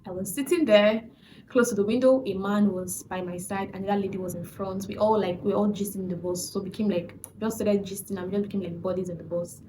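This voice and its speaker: A young woman with a Nigerian accent telling a personal faith testimony in a chatty, animated way, often restarting her sentences. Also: mid-range voice, brisk, a little hiss or hum, low-quality recording. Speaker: vlogger.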